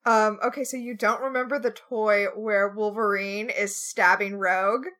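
A woman's voice: medium pitch, fairly even intonation, normal speed, a bit bright. A woman co-hosting a casual podcast chat, sarcastic and given to mock outrage. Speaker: podcast co-host.

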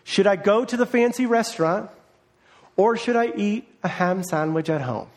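A man's voice: high-pitched, lively intonation, moderate pace. A man, a parent, preaching a conversational sermon as a pastor, acting out the voices he quotes. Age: adult, parent of a young child.

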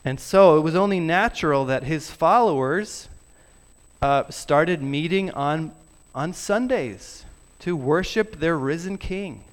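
Slow, earnest man preaching a sermon. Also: fairly high pitch, lively intonation. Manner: earnest, drops to soft emphasis on key words. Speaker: pastor. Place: church sanctuary.

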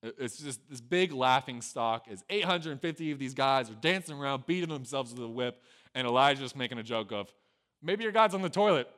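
A man preaching a casual storytelling sermon, conversational and peppered with "right?", who swings from loud acted lines to quiet, low asides. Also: fairly quick. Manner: conversational, with a frequent tag "right?". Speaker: pastor.

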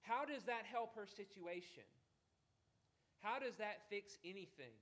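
A man's voice: sits high, expressive, unhurried, a bit bright. A middle-aged man preaching a conversational sermon, chatty and asking listeners direct questions.

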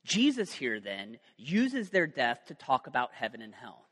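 Joking pastor preaching in a reverberant hall. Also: male voice, mid-range voice, a little slow. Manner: conversational and joking, lively asides. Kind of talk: sermon.

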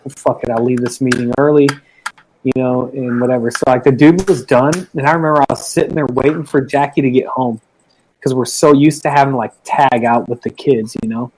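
A man's voice: mid-range voice, steady tone, fairly quick, darkish tone, slight background noise, rough recording. A man who is a teacher, chatting casually with friends, telling long rambling stories full of swearing and acted-out quotes. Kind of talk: casual chat among friends.

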